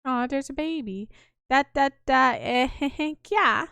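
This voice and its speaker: A woman's voice: sits high, takes it slowly, vocal fry, bright, forceful tone, smooth, no echo, voice pushed up, heavily acted. A woman voicing a doting young mother who coos at her baby in a sing-song way.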